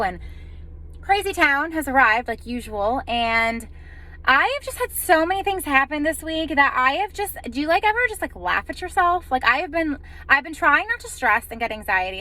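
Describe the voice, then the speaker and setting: A woman's voice: on the high side, bright, forceful tone. A woman home organizer telling a funny story about her hectic week in a chatty vlog, laughing at herself and acting out what people said.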